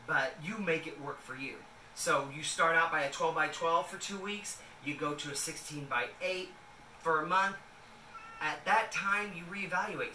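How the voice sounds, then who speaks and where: A man's voice: fairly high pitch, bright, forceful tone, slight background noise. A man in a casual home kitchen vlog, talking in a loose, rambling way with many fillers as he makes a salad. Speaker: vlogger. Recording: echoey room, a bit distant.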